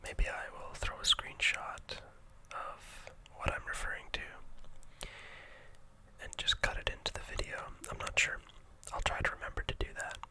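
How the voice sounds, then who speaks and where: A host with a Canadian accent whispers softly through a relaxed ASMR map tour, unhurried and gently hesitant with fillers.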